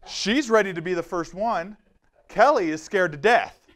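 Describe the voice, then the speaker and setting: A man speaking at a slightly high pitch, giving an energetic safety talk to a room of listeners. He tells stories with quick asides and acted-out quotes, keeping the tone lively and animated. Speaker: safety trainer. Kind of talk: lively live presentation.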